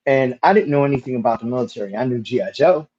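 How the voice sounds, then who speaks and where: A man being interviewed as a guest, telling stories casually in a lively way, with easy swearing and lots of "like" fillers. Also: mid-range voice, fast, lo-fi sound.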